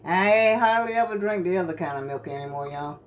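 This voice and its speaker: A woman's voice: fairly low pitch, lively intonation, brisk, slight background noise. An older woman, chatting casually with viewers in her home kitchen, folksy and talkative. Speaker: vlogger.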